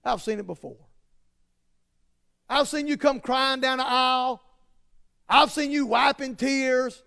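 A stern, dismissive God, as a preacher puts him on who speaks low, quiet and firm. Each refusal lands flatly with no room for argument. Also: male voice, unhurried, gravelly, clean tone, exaggerated voice. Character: stern God, rejecting insincere worship.

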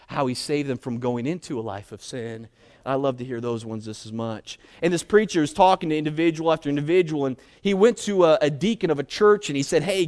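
A young man delivers a sermon with a voice pitched a little high for a man. He tells his illustration in animated bursts, then drops low and quiet, often repeating a word as he gathers momentum. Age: young adult. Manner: animated, repeats words when building up, swings from loud to hushed. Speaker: preacher. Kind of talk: sermon storytelling.

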